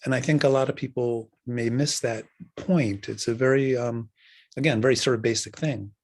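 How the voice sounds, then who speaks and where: An older man giving an unhurried dharma talk as a Buddhist teacher, halting often and trailing off between phrases. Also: mid-range voice, fairly even intonation, darkish tone. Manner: unhurried, halting, many fillers.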